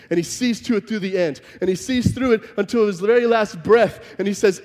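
A man's voice: high voice, normal speed, few pauses, darkish tone. A man preaching a sermon, telling the story vividly and emphatically and acting out the scenes. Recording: long reverb from a large hall.

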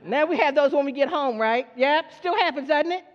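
High-voiced woman preaching in a reverberant hall. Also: fairly quick. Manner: call-and-response, asks the congregation questions; acts out story characters in quoted voices. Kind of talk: sermon to a church congregation. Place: church hall. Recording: dull lo-fi recording with long hall reverb.

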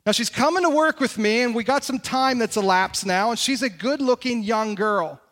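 High-voiced male pastor in an echoing hall. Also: normal speed, a bit bright. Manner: conversational, emphatic repetitions, rhetorical questions. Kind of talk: sermon. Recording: long hall reverb.

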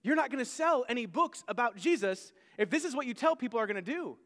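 A preacher acting out a flustered pleading Peter. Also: male voice, extremely high pitch, expressive, fast, a bit bright, pitched above the performer's own voice. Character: apostle Peter, flustered adult man pleading. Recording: long hall reverb.

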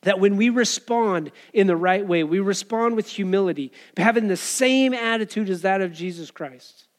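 Speaking at a moderate pace in a high-sitting voice, a pastor gives his church a conversational sermon, performing the crowd's and the beggar's voices from the story.

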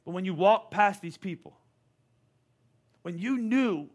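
A man in his forties preaching a sermon, energetic and repeating words as he stresses his points. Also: high voice, a little slow. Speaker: pastor.

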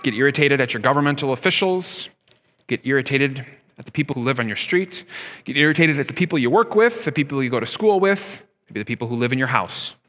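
Bright-voiced man preaching in an echoing hall. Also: medium pitch, expressive, quick pace. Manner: conversational preaching with rhetorical questions. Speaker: pastor. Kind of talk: sermon. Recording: long hall reverb.

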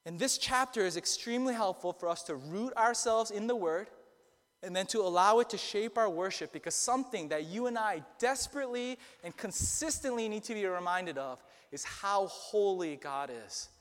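A man preaching a sermon, earnest and emphatic, slowing down to stress key phrases. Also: sits high, animated, a bit bright, in a large hall. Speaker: pastor.

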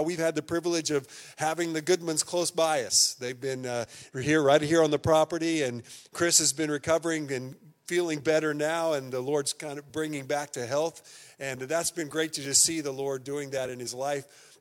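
Friendly pastor man welcoming a congregation. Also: on the high side. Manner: friendly, conversational. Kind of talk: Sunday service welcome and introduction. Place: church sanctuary.

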